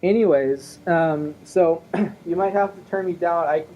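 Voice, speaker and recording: A man's voice: on the high side, measured pace, mellow. A man hosting his own podcast alone, rambling in a wry, self-mocking way. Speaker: podcast host. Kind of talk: rambling solo podcast chat. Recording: muffled lo-fi audio with faint hiss.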